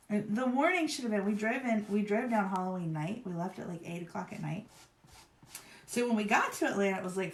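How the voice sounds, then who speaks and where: A woman hosts a live craft stream in an easy, rambling way, full of "y'all" and "like." Her voice sits at an ordinary middle pitch. It carries a noticeable room echo. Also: creaky. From Virginia, US. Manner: chatty, rambling, upbeat, says "y'all" and "like". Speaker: craft livestream host. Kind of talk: casual live craft demo chat. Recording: roomy echo.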